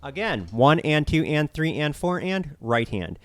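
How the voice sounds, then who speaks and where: A man's voice: fairly high pitch, big pitch swings, measured pace. A man teaching a drum lesson, counting beats aloud and explaining each step plainly. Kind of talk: instructional lesson.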